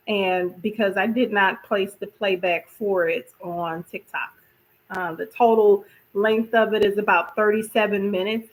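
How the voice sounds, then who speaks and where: Woman host chatting about wellness, middle pitch, keeps saying right?. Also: rough recording. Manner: chatty, repeats herself, asks "right?" often. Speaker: podcast host. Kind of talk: casual wellness talk.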